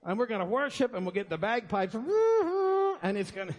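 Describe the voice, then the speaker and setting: A man's voice: sits high, very animated, moderate pace, voice pushed up. A man putting on a jokey attempt at a Scottish accent as a cheerful preacher, hamming it up and slipping out of it. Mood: hammy cheer. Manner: hammy, sing-song, keeps slipping out of the accent.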